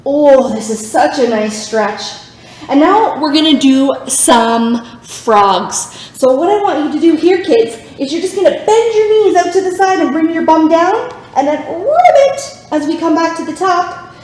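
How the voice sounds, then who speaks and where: Upbeat female yoga instructor for kids, high voice, very roomy echoey sound. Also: expressive, a little slow, darkish tone. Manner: upbeat, encouraging, makes animal sounds. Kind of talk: guided kids' yoga class. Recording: very echoey room.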